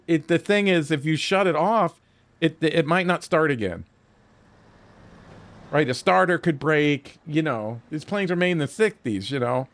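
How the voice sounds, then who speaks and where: An older man with a notably high voice tells a rambling war story while streaming a game. He swears constantly and acts out each line of dialogue he remembers, giving the tale a loose, lively pull. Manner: profane, animated storyteller acting out quoted exchanges. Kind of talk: casual storytelling while gaming.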